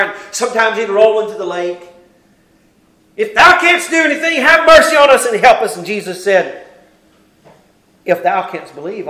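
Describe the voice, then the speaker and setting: A male preacher giving a sermon. He recites King James scripture and moves between hushed, quiet passages and loud, pleading ones. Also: high voice, reverberant, low-quality recording. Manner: swings from hushed near-whispers to loud impassioned pleading.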